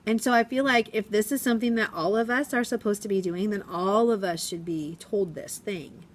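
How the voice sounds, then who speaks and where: A woman's voice: mid-range voice, normal speed. A young woman teacher talking to a phone camera in her classroom in a chatty, rambling way, acting out what her pupils said. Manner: chatty, rambling, acts out quotes in voices. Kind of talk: casual vlog chat. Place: school classroom.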